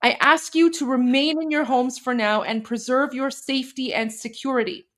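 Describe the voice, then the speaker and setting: A woman's voice: high voice, fairly even intonation, normal speed, a bit bright. Emotional Iranian-born woman live-streaming. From Iran. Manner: emotional, speaks with repeated restarts. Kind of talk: live stream talk and reading a translation aloud.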